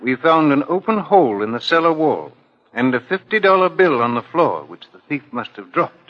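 An actor playing a calm, persistent detective asking measured questions in a 1950s radio drama. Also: male voice, on the high side. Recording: lo-fi old radio broadcast.

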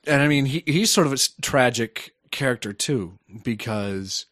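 A man's voice: mid-range voice, animated, normal speed, a bit bright, no echo, clean studio sound. A man co-hosting a casual gaming podcast, rambling with many fillers and frequent laughs. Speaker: podcast co-host.

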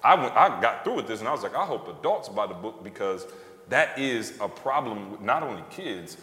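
Low-voiced man telling a story live. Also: a little fast. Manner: animated storyteller, acts out quotes. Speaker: author and podcast co-host. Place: stage before a live audience. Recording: roomy hall reverb.

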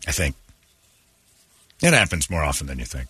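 A man's voice: rumbling low, expressive, moderate pace, pauses often, sharp tone, husky, no echo. A man hosting morning radio, joking animatedly and mimicking callers in put-on voices. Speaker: radio show host.

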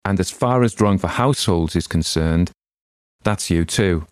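A man reading a story aloud, lifting his voice to play a brisk, businesslike village official who runs the proceedings. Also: low-pitched, dry recording, clean studio sound, close to an everyday voice. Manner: brisk, businesslike, gently firm. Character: brisk, genial middle-aged village official.

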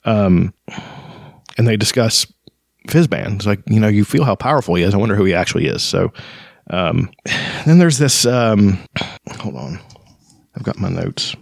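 A man casually talking through a fantasy novel, rambling and halting with many fillers, sometimes reading passages aloud. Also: lowish voice, expressive, gravelly, dry recording. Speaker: podcast host discussing a fantasy novel. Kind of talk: casual book discussion with read-aloud passages.

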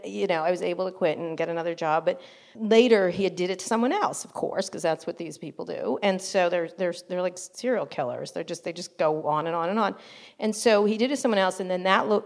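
Blunt, animated woman telling stories. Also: on the low side. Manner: blunt, animated, quick to laugh, mimics others in anecdotes. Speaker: interview guest, journalist. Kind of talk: casual storytelling interview.

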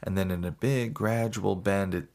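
Man, low voice, folksy storyteller, casual fishing instructor. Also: steady tone, moderate pace, gravelly, a little mellow. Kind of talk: casual how-to talk.

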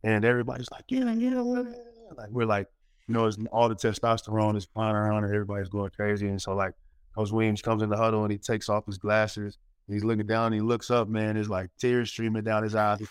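A man in his forties spins a story with lots of fillers and sudden acted-out quotes. His voice sits low and comes through smooth and clear. The room is dry, with the mic close. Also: fast, no room sound. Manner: animated storyteller, many fillers, acts out quotes. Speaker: former college basketball player, guest. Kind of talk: casual storytelling interview.

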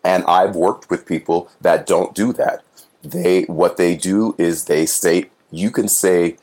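Male stage actor guest, very low voice, earnest and reflective. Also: slow, a little mellow. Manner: earnest, reflective, acts out little voices when telling stories. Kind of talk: casual interview chat.

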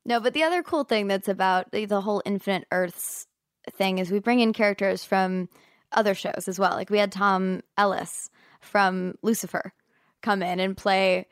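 A woman's voice: medium pitch, steady tone, moderate pace, no echo, studio quality. A woman, an actress guest on a podcast, talking about her work in an enthusiastic, chatty way. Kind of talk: casual interview chat.

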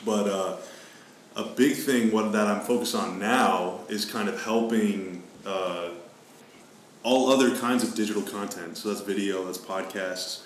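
A man's voice: fairly low pitch, measured pace, echoey room, slight background noise, low-quality recording. A man as a podcast guest, answering in an easygoing, casual way. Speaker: guest, team content writer.

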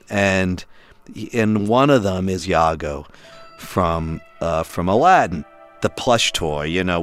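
A man recounting his family's story in an interview, acting out the dialogue as he goes. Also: low voice. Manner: acts out quoted dialogue as he recounts events.

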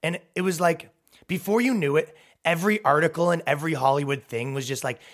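A man's voice: fairly high pitch, brisk. A man hosting a comedy podcast, riffing in a rambling, profane, sarcastic way. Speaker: podcast host.

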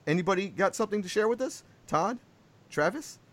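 Lively, high-voiced male podcast host. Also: a little fast, no echo. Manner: rambling, animated, jokey. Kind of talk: casual chat.

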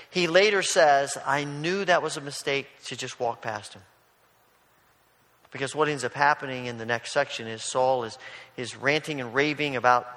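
A man's voice: fairly high pitch, pushed and bright, long reverb tail. A man preaching a sermon, retelling a scripture story in a casual storytelling way. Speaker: pastor.

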